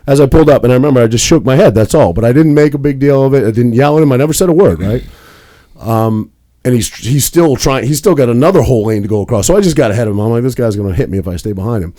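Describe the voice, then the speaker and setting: A man's voice: medium pitch, animated, very fast, dark tone. A young man co-hosting a podcast, telling a rambling story in casual chat with plenty of swearing. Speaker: podcast co-host.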